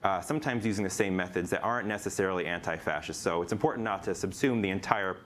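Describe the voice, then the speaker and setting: A man with a lowish voice gives long, measured, academic answers in an interview, often pausing on "uh". Faint noise hums under the recording. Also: a bit bright. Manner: measured, academic, with frequent "uh" fillers. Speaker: guest author and lecturer.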